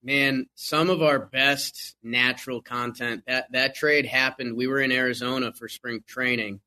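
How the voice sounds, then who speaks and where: A man with a bright, forceful voice chatting about baseball. He is animated and excitable, stumbling over his words as he restarts sentences. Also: medium pitch, unhurried. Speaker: podcast guest. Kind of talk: casual sports chat.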